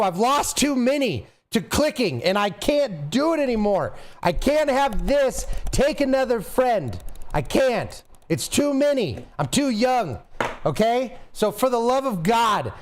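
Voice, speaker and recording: Streamer guy going off in a fake-serious rant, high voice that jumps all over the place, really worked up. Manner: theatrical, impassioned, getting worked up; coughs and trails off between thoughts. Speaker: livestream host. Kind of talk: mock-serious livestream rant.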